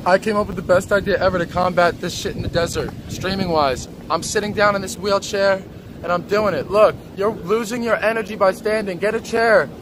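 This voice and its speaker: A young man with a fairly high voice talks brashly and profanely on an outdoor livestream. He narrates passing traffic and calls out at people nearby. Loud traffic noise fills the background. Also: steady tone, fairly quick. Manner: brash, profane, yelling at passersby. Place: city street outdoors, moving in a chair.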